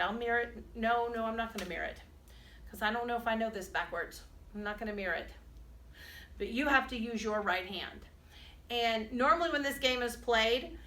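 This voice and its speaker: A middle-aged woman teaching a recorded music lesson, chatty and patient as she explains each step. Her voice is bright and slightly high, and it rings in an echoey room with the mic set some way off. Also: recorded from a distance.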